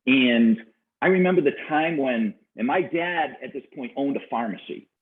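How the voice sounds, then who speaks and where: Chatty Boston man on a tinny line. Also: medium pitch. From Boston, USA. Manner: energetic, chatty, quick to laugh. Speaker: guest, entrepreneur and business coach. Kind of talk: storytelling interview talk.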